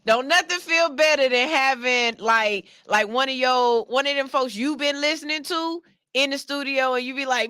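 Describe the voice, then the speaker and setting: Woman radio host, high bright voice, hype-heavy, jokey, studio interview. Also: moderate pace, smooth. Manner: animated, joking, slangy, shouts and hype calls. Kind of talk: casual radio interview banter.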